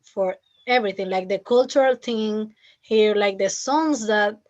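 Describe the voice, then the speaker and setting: Halting Venezuelan woman, slow and muffled. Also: medium pitch. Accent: Venezuelan Spanish. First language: Spanish. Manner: halting, restarts often, many "like" fillers. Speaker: interview guest, former student. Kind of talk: casual interview chat. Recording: muffled lo-fi call audio.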